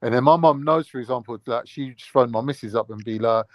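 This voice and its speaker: A man's voice: medium pitch, fast, hardly any pauses, no room sound. A young man, chatting in a laid-back way on a podcast panel and acting out family quotes. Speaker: panel guest. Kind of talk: casual chat. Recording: dry, dull lo-fi sound.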